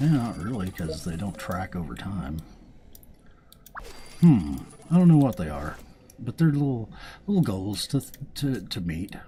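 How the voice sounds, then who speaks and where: Deep-voiced man joking through gameplay. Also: dark tone, slight background noise. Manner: joking, reads game dialogue aloud in goofy voices. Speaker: gaming video host. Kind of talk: casual gameplay commentary.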